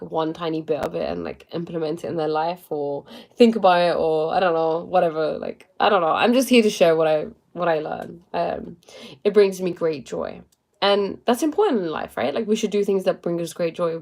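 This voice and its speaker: A woman's voice: lowish voice, creaky, a little mellow. A young woman casually giving spiritual and motivational talk to live viewers, chatty and full of fillers. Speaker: livestream host.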